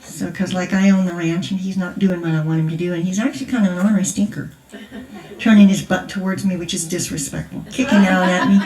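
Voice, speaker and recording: A woman's voice: on the low side, fast talker, a crowd in the background. Older lady telling ranch stories, chatty and laughing, sounds far off in a big echoey hall. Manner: chatty, laughing, animated storytelling. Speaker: conference speaker. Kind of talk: storytelling testimony. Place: large church hall.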